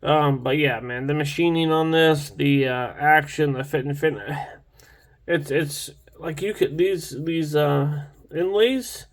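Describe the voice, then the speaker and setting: A man's voice: a little high, slow pace. A young man casually reviewing a knife in a rambling, enthusiastic vlog, full of restarts and fillers.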